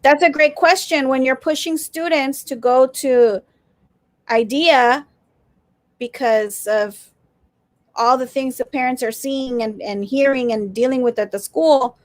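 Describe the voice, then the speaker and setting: Sarcastic high-voiced woman with a South Texas accent. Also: a little slow, no echo. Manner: sarcastic, laughs often. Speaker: union co-host reading viewer comments. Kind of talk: casual live-stream chat.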